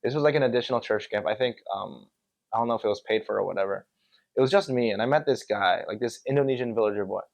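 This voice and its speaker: A man from Connecticut, a podcast guest, telling stories in an animated, filler-heavy casual chat. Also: lowish voice, quick pace, gravelly, muffled recording. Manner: animated storyteller, many fillers.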